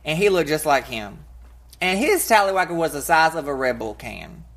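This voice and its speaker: A woman co-hosting a podcast in casual chat, brash and crude, telling stories loudly. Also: deep voice, normal speed. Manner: brash, crude and loud, animated storyteller. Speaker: podcast co-host.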